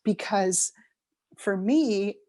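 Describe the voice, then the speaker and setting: Mellow middle-aged woman telling a story. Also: mid-range voice. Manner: reflective, unhurried, with frequent ums and restarts. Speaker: interview guest. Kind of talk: conversational storytelling.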